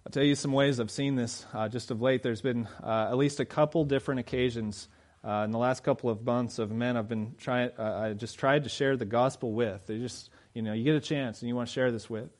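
A man delivering a sermon in a plain, conversational way, with a voice of ordinary pitch for a man. He presses his points with direct rhetorical questions to the listeners. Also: steady tone, brisk. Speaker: pastor.

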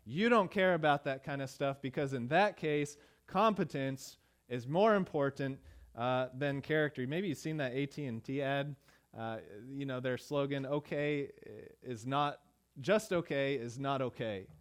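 A pastor preaching a sermon in a conversational way, with many "uh" fillers and emphatic repeated phrases. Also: male voice, medium pitch, unhurried, clean tone. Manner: emphatic rhetorical repetition.

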